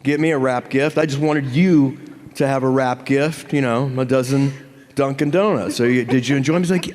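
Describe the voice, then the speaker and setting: A middle-aged man telling a story on a convention stage, animated and profane, acting out both sides of the exchange. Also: medium pitch, moderate pace. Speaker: convention panel guest. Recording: hall reverb from a convention stage.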